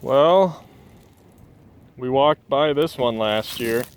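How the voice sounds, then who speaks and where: Guy talking to the camera outdoors, monotone, mid pitch, a little background noise. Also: drawn-out words. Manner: calls his own voice monotone. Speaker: shed hunting vlogger. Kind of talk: casual outdoor vlog narration. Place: outdoors in rural country, walking back to a truck.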